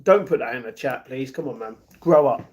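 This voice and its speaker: A man's voice: mid-range voice, a little fast, darkish tone, muffled recording. A young man from England chatting casually on a livestream, reading out comments and answering them, often repeating his phrases. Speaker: live streamer.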